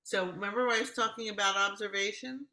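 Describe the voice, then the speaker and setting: A woman's voice: medium pitch, steady tone, quick pace, pushed and bright, poor audio. A middle-aged woman, a communication coach, explaining in casual conversation and acting out example dialogues.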